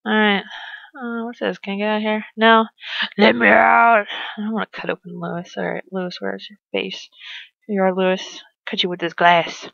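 A woman's voice: medium pitch, level tone, normal speed, vocal fry, fairly bright tone, no room sound, highs cut off. A young woman commenting on her game as she plays, chatty and swearing as she reacts. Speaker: gamer. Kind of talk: let's play commentary.

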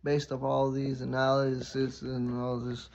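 A man's voice: mid-range voice, completely flat delivery, measured pace, vocal fry, a little mellow. A man voicing a rude male college classmate who mocks and half-whispers, on a dull lo-fi recording. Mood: taunting.

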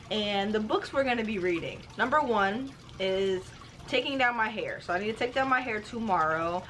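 A woman's voice: mid-range voice, fairly bright tone, slight background noise. A woman hosting her own book vlog, chatting casually and playfully straight to her viewers. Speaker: booktuber vlogger.

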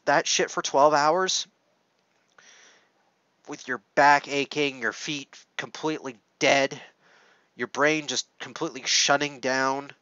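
A man speaking to camera in a heartfelt confessional, choked up with emotion, halting and profane, with frequent restarts. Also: medium pitch, a bit bright, clean tone, no room sound, dull audio. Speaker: content creator. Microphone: camera setup.

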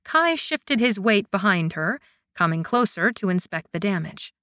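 A woman reads a fantasy romance audiobook in an even storytelling manner. Her voice is bright, and the sound is dry and close. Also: mid-range voice, unhurried, no room sound. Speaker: audiobook narrator. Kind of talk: scripted narration.

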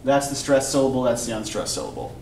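A man's voice: medium pitch, quick pace, vocal fry, a little mellow. A male college English instructor giving a classroom lecture, explaining patiently and often checking in with "right?". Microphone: recorder at a distance in the room. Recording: roomy distant classroom recording with faint background noise.

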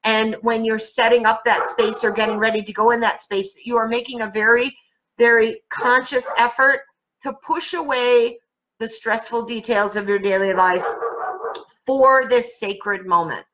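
A woman psychic speaking from home in a casual live-stream chat, gentle and reassuring with her viewers. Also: a little high, fairly even intonation, moderate pace, muffled recording, a little hiss or hum. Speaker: professional psychic.

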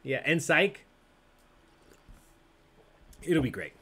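A man's voice: fairly high pitch, very animated, very slow, a crowd in the background. A man hosting a live trivia game in a casual, playful way, laughing often as he reads questions and answers. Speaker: trivia host.

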